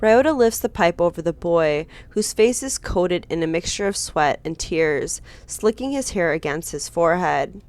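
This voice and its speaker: A woman streamer reading a visual novel aloud with dramatic, expressive narration, breaking in with her own reactions. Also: on the low side, normal speed, hardly any pauses. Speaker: game streamer.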